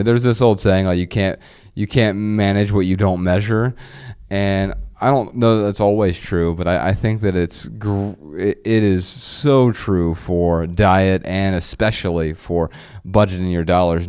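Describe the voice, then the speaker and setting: Low, smooth-voiced male podcast co-host in his thirties, eager rambling chat. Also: a little mellow. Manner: rambling, enthusiastic, frequent restarts. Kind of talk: casual chat.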